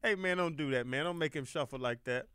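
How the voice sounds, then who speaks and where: A man's voice: a little high, fast talker, sharp tone, clear, resonant tone, no room sound, studio quality. A man co-hosting a sports radio show, skeptical and needling, laughing a lot. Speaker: radio co-host. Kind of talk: casual sports radio banter.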